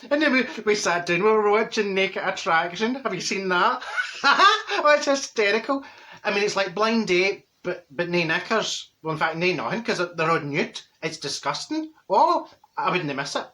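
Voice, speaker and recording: Man in drag as a Glaswegian gossip, middle-aged, blunt and chatty, bright forceful voice, comic monologue. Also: high-pitched, sing-song, normal speed, heavily acted. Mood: gossipy. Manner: chatty, blunt, laughs at own stories. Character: straight-talking gossipy middle-aged Glasgow woman. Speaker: comic character.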